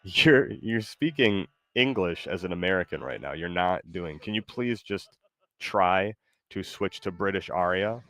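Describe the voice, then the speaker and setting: A man streaming a game who chats casually, talking in a halting, hesitant way full of fillers and restarts. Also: deep voice, animated, fairly bright tone, no room sound. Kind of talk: casual chat while gaming.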